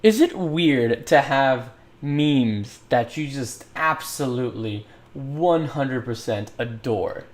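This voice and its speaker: A man's voice: medium pitch, expressive, slow pace. A man chatting casually while working on a livestream, rambling, thinking aloud and laughing often. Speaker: livestreamer modeling in 3D software.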